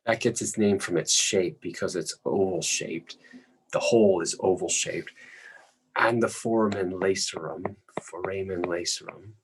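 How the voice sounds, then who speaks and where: Low-voiced man giving an anatomy lecture. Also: measured pace, slight background noise, low-quality recording. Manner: plain, patient explaining with frequent throat clearing. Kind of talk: recorded lecture while drawing.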